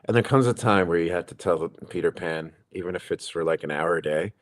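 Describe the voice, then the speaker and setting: A man's voice: deep voice, fast talker. A man co-hosting a casual chat, cartoonist, joking in wry asides. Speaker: podcast co-host, cartoonist.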